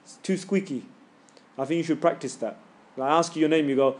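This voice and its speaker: In a live tajweed class, a middle-aged man who teaches Quran recitation coaches students in a relaxed manner and models the sounds for them. He talks briskly in a slightly high, slightly mellow voice.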